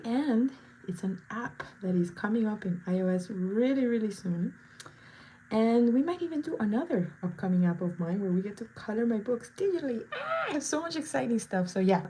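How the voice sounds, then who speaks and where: A bubbly woman in her thirties, a face painter, hosts a live stream and chats casually while she paints, tossing in playful asides. Her voice is mid-range and mellow, with a faint hiss behind it.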